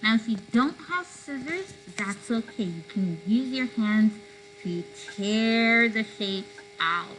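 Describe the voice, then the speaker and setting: A woman walks children through a paper craft step by step, gentle and careful. She talks slowly and keeps reminding them to stay safe. A faint hum runs underneath. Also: a little high, expressive, low-quality recording. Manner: gentle, careful, safety-minded explaining. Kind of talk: step-by-step craft instruction for kids.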